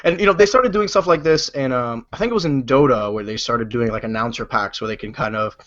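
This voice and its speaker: A man co-hosting a casual gaming podcast, telling animated stories and swearing freely. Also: medium pitch. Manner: rapid, animated storytelling with swearing. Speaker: podcast co-host. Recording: dull lo-fi recording.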